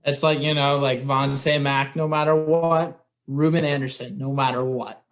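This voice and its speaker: A man's voice: mid-range voice, little pitch movement, moderate pace, soft background music. A young man co-hosting a casual sports podcast, making short laid-back remarks. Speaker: podcast co-host.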